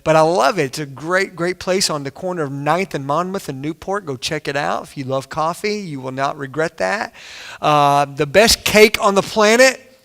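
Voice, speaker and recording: A man's voice: on the high side, normal speed, gravelly, fairly bright tone. A male pastor with a Northern Kentucky accent, congested from a sinus infection, preaching a sermon to his church in a chatty, enthusiastic way. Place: church service.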